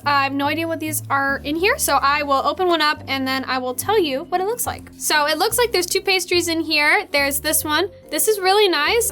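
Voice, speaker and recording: A young woman hosting a casual food tasting vlog, bubbly and chatty, full of excited fillers. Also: sits high. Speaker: host.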